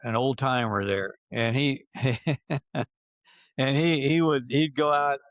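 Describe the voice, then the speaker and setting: A man's voice: mid-range voice, takes it slowly, dry recording. An older man from Georgia telling casual stories on a podcast, rambling and restarting phrases as he goes. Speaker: podcast guest storyteller. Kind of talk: casual storytelling.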